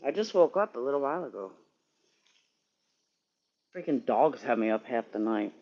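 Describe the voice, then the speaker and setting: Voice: medium pitch, animated, normal speed, dull audio. Sleepy, profane livestreamer in a garage. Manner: rambling, profane, talks to chat while working. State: sleepy, keeps yawning. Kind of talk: casual livestream chat. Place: garage, working on furniture.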